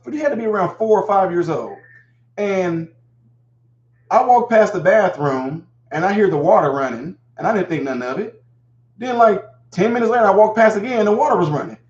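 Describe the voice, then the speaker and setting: A middle-aged man hosts a casual call-in show, telling stories and acting out scenes. His voice sits a little high. The sound is echoey and dull, lo-fi. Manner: animated storyteller, acts out scenes. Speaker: host. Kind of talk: casual live call-in talk.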